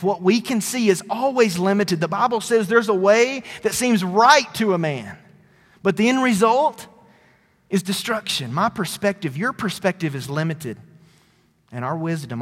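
Man, pastor, high voice, conversational sermon, loud and soft swings, long hall reverb.

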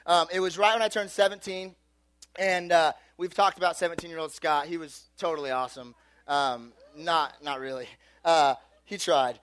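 A man with a high voice tells a personal story as a sermon, animated and chatty. He leans on casual fillers and acts out the people in the story as he goes. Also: moderate pace, no room sound. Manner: animated, filler-heavy storytelling with acted-out quotes.

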